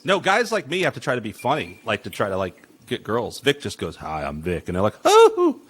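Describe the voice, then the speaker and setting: A man's voice: mid-range voice, big pitch swings, fast talker, fairly bright tone, slightly rough. A man hosting a podcast in casual chat, rambling and crude, laughing often.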